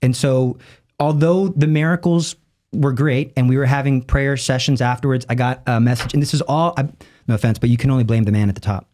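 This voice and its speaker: A man, a lay evangelist, telling a story as a podcast guest, acting out the people he quotes with sudden jumps in pitch and rushing through his asides. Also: a little mellow. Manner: acts out quoted voices with big jumps in pitch; rushes asides in quick bursts. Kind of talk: animated storytelling in conversation.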